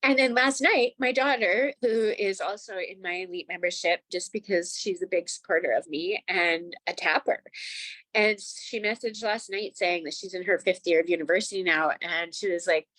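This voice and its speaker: A woman's voice: mid-range voice, moderate pace, a bit bright, no room sound, poor audio. A woman in her forties telling her personal story as a guest on a video call, earnest and chatty, with many "like"s. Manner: earnest, chatty, says "like" often. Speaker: tapping practitioner and guest.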